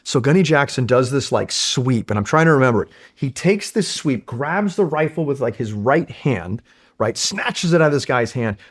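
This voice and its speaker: A man from California, a Marine veteran, spins stories in a casual interview in an animated, profane way. His voice sits at a middle pitch and stays easygoing and conversational. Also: moderate pace.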